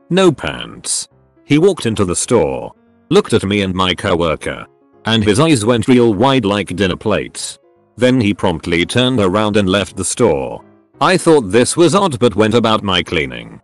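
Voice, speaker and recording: A man's voice: lowish voice, no echo. A man narrating online stories aloud in a plain storytelling delivery. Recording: dry close recording with faint background music.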